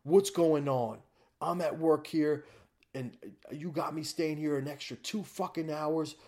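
A man voicing his angry middle-aged father, shouting and swearing. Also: a little high, fairly even intonation, a little slow, voice pushed up, lightly acted. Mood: furious.

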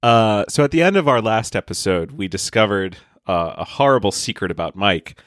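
Animated, giggly male podcast co-host. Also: lowish voice, normal speed, dry recording, studio quality. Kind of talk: casual banter.

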